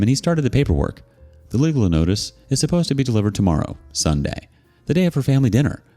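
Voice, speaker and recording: Low-voiced man with an animated narration. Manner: expressive, sarcastic in asides. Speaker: narrator of reader stories. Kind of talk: scripted narration.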